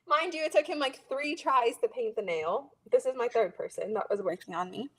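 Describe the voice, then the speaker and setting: A woman co-hosting a casual chat, telling an animated story and acting out what others said. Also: fairly high pitch, fairly quick, breathy edge, rough recording. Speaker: co-host.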